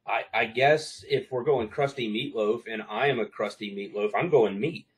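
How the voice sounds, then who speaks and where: Joking middle-aged dad, self-mocking. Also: male voice, mid-range voice, normal speed, rough recording. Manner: joking, self-deprecating, stammers on restarts. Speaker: podcast co-host, father. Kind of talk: casual family podcast chat.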